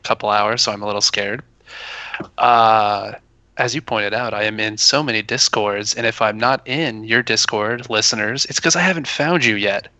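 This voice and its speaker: Low, bright-edged man with goofy humor. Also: dry recording. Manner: goofy, self-mocking humor. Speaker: podcast guest. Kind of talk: casual podcast banter.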